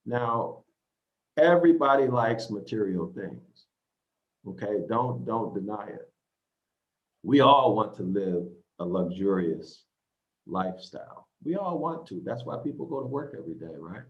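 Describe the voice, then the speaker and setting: A man's voice: lowish voice, expressive, a little slow. A man teaching scripture who reads verses aloud, explains them, and keeps checking in with "okay?" and "right?". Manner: repeats points, asks "okay?" and "right?". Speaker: Bible teacher. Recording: slightly dull lo-fi audio.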